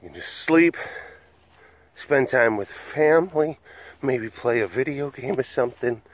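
A man's voice: medium pitch, expressive, measured pace. A middle-aged man hosting a casual vlog, talking in a rambling, hesitant way with many fillers. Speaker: big cat sanctuary vlogger.

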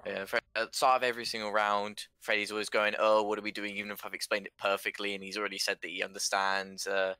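A man speaking earnestly in a casual interview, his tone staying level and flat. His voice is fairly low but bright and forceful. The sound is dry and close. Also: clear, resonant tone, no echo. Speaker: esports team player.

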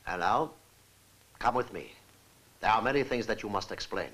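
A stern old professor. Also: male voice, on the low side, expressive, normal speed, a bit bright, a little hiss or hum, rough recording. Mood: cold. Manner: formal, clipped and dismissive. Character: stern older male professor, cold and commanding. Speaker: professor and father. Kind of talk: dubbed film acting.

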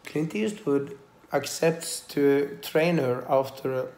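Man, casual vlog, slow halting delivery, emotional, roomy sound. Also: on the high side, darkish tone. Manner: slow, halting, with many pauses and fillers; tender and emotional. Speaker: vlogger. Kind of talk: casual personal vlog to camera. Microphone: handheld camera. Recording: echoey room.

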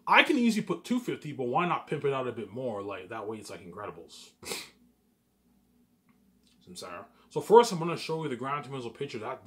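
Young canadian dude rambling on camera, lowish voice, keeps restarting and bragging. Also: male voice, fairly bright tone, slight background noise. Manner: repetitive, restarts phrases, boastful daydreaming. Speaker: vlogger. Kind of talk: rambling casual monologue.

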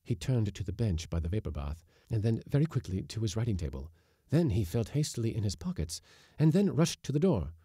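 Mellow-voiced male storyteller. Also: fairly low pitch, fairly quick, breathy edge, no room sound, clean studio sound. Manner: expressive, dramatic reading. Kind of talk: reading a classic short story aloud.

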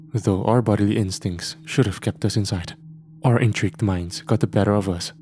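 A man narrating a horror story in a measured, steady way. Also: lowish voice, a little hiss or hum.

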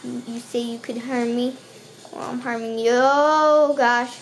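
A high-voiced woman narrates her own game session, yelping and repeating words in frantic bursts when things go wrong. She speaks slowly between those outbursts and heckles the creatures chasing her. A faint hiss sits behind her voice. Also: little pitch movement. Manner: talks to the game's enemies. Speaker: gaming channel host. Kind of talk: let's play commentary.

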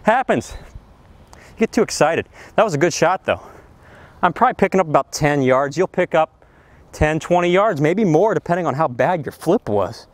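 An excitable man teaching a golf lesson outdoors on a practice range. His fairly high voice swings widely and lively in pitch, and he bursts into exclamations as he talks. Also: moderate pace, dry recording. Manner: enthusiastic, excitable, exclaims and hoots. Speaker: golf instructor.

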